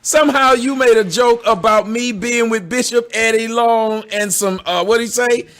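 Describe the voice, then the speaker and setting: A woman's voice: fairly high pitch, normal speed, a bit bright. A woman giving sarcastic, indignant reaction commentary. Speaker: commentator answering a critic.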